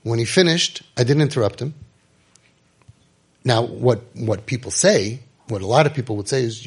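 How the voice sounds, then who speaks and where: A middle-aged man telling a story and giving advice, emphatic, repeating phrases and dropping to quiet intensity. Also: medium pitch, normal speed, breathy edge. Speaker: rabbi giving parenting advice. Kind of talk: impassioned storytelling talk.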